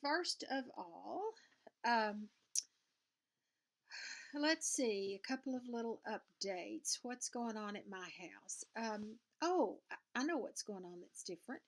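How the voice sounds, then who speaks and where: A woman's voice: fairly high pitch, lively intonation, slow. Older Southern woman chatting at home. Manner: rambling, folksy, chatty with fillers and asides. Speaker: cross-stitch vlogger. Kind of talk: casual chat to camera. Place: home sewing room, indoors.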